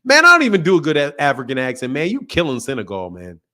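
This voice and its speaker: A man's voice: a little high, wildly swooping pitch, quick pace, pushed and bright. A man hosting a live boxing call-in show, blunt and profane, teasing his callers and laughing often. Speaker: boxing talk show host. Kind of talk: casual live call-in chat.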